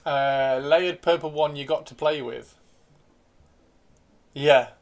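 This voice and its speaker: A man's voice: on the high side, steady tone, takes it slowly. A man hosting a casual livestream, reading out viewer comments, playful and chatty, swearing freely and repeating himself. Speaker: livestream host.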